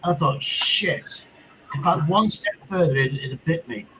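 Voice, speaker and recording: Middle-aged man, rambling sweary storyteller, a little high in pitch, faint noise behind. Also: fast talker, fairly bright tone, rough recording. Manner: swearing anecdotes with sound effects. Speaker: livestream host. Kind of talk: casual chat.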